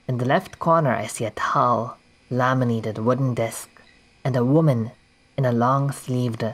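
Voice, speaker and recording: Offhand streamer reading game text. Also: medium pitch. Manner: reads descriptions in a quick, offhand way with asides. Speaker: streamer playing a text adventure. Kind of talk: casual let's-play narration, reading game text aloud.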